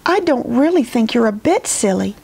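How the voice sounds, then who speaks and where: A woman voicing a lonely, tearful little girl doll in a storybook, with a high, pleading, childlike voice. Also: big pitch swings, moderate pace, gravelly, darkish tone, husky, exaggerated voice. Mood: sweet.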